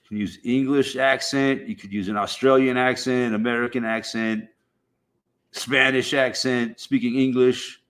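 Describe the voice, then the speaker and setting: A man's voice: medium pitch, fairly even intonation, normal speed, fairly bright tone. A man streaming, chatting casually in a rambling, profane way with frequent fillers. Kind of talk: casual chat.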